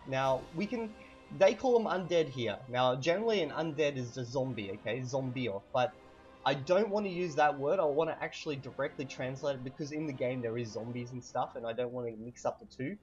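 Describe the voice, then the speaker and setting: A man teaching vocabulary in a casual lesson, repeating each word slowly with fillers. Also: mid-range voice, darkish tone, dull audio, soft background music. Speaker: language teacher.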